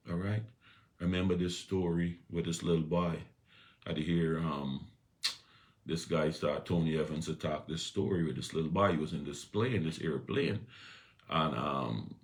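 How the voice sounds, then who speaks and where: A man giving an inspirational morning talk, preaching with repetition and loud emphatic peaks. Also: rumbling low. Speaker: inspirational speaker.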